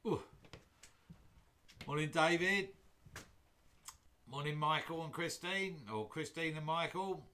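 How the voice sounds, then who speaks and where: A man hosts a woodturning livestream from his home workshop, greeting live viewers with jokey, rambling chatter. His voice is slightly high and sharp, and he speaks slowly with long pauses over a faint hiss or hum.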